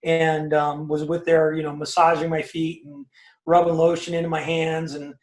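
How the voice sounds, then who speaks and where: A man's voice: fairly high pitch, completely flat delivery, moderate pace, a little mellow, echoey room. A man in his fifties telling his own story as an interview guest, talkative and emphatic, with many fillers and tag questions. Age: 50s. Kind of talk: personal story in a casual interview.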